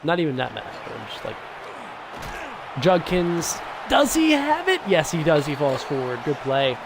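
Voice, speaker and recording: A young man giving casual, excitable commentary over a football video game, swinging between hype and grumbling. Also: a little high, moderate pace, crowd noise. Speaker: gaming YouTuber. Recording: noisy background.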